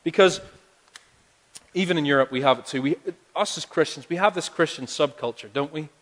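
Male preacher, chatty but rising to forceful emphasis, raised pitch, echoing sanctuary. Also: a little fast. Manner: conversational, building to emphatic appeals. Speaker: pastor. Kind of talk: sermon. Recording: long hall reverb.

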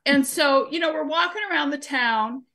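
A woman's voice: high-pitched, normal speed, creaky, bright, forceful tone. A woman guest in an interview, explaining her civic training work through everyday examples and anecdotes. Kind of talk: conversational interview answers.

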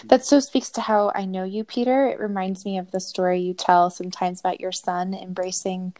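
A woman hosting a conversation, responding in a soft, affirming and encouraging way. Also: mid-range voice, level tone, brisk.

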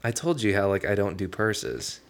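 A man's voice: on the low side, sing-song, normal speed, gravelly. A young man co-hosting a casual podcast, teasing and crude, full of jokes. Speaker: podcast co-host.

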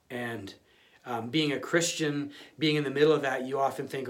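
A man's voice: medium pitch, steady tone, normal speed. A male pastor giving a conversational sermon, often restarting and repeating words.

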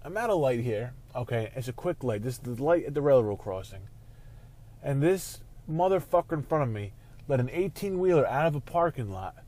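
A man hosting a casual sports talk show from his car while driving, ranting and swearing, quick to flare into angry outbursts. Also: mid-range voice, animated, dark tone. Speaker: show host.

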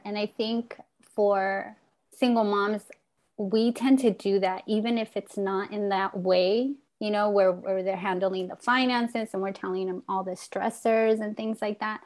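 A woman in her forties talks openly and reflectively, her voice sitting at an ordinary middle pitch. She speaks casually and earnestly as a host in conversation, with a swear word here and there. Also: fairly even intonation, a little slow, darkish tone. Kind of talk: candid heartfelt conversation.

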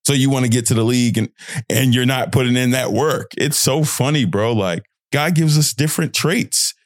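A man's voice: medium pitch, normal speed, no room sound, clean studio sound. A young man hosting his podcast, talking casually and bluntly, full of slang and tough-love advice. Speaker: podcast host. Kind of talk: casual motivational monologue.

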